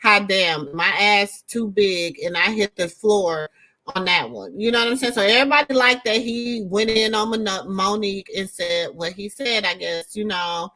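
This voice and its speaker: A woman's voice: mid-range voice, moderate pace, bright, forceful tone. A middle-aged woman with a Southern drawl hosts a casual chat, reacting to viewer comments in a rambling, slangy way. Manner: rambling, talks straight to viewers, leans on slang.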